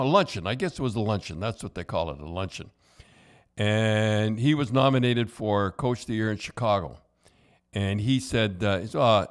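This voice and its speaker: An older man, telling hockey stories as a podcast host in a loose, rambling way with many restarts and chuckles. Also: lowish voice. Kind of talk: casual storytelling chat.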